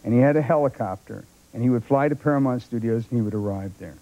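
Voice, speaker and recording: Talking fast in a medium-pitched voice, the older film actor entertains as a talk show guest with anecdotes. He's a lively storyteller who performs other people's voices, preserved on dull, lo-fi broadcast tape.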